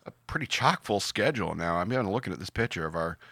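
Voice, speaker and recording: A man's voice: low voice, animated, fast talker, vocal fry, sharp tone, dry recording. A man co-hosting a podcast in casual chat, telling stories in a rambling way and acting out the quotes. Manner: rambling storyteller, acts out quotes. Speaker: podcast co-host.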